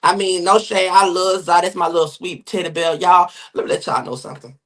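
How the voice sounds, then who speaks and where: Sassy streamer dishing gossip. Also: male voice, high-pitched, fairly even intonation, fairly bright tone. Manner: sassy, rapid, swearing, addresses chat viewers. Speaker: gossip show host. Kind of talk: livestream gossip commentary. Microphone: phone or webcam mic on livestream.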